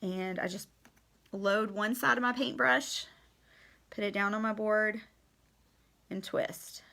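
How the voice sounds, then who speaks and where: A woman's voice: medium pitch, steady tone, slow, vocal fry, bright, forceful tone. A woman in her thirties chatting through a live-streamed painting demo, friendly and casual, addressing her viewers as y'all. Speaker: painting teacher.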